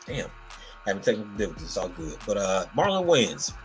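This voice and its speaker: Animated, rambling male podcast host. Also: fairly low pitch, fast, soft background music. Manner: animated, rambling storytelling with many fillers. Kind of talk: casual podcast chat.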